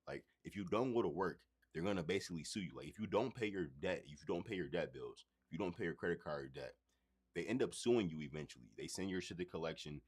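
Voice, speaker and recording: Male streamer host with a very deep voice, loose and conversational, swears freely. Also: slightly rough. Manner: loose, profane, conversational, addresses chat directly. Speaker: livestream host. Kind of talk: casual livestream monologue.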